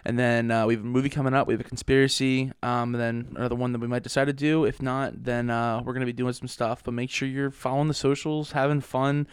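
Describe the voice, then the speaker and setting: A man's voice: medium pitch, flat delivery, fast talker, few pauses, clean tone, dry recording, clean studio sound. A man co-hosting a podcast in casual chat, rambling and laughing often. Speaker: podcast co-host.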